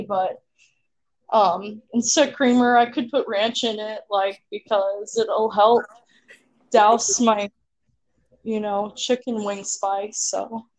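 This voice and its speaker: A woman co-hosting a casual podcast chat, giggling often and filling pauses with um and like. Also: a little high, darkish tone. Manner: giggly, drawn-out, lots of fillers. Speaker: podcast co-host.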